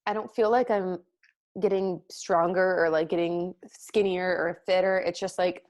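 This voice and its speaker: A woman's voice: fairly low pitch, steady tone, moderate pace, a little mellow. A young woman in her twenties co-hosting a casual mukbang chat, filling her talk with "like" and chewing as she speaks. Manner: chatty, lots of "like", talks while chewing. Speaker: mukbang co-host. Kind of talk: casual chat while eating.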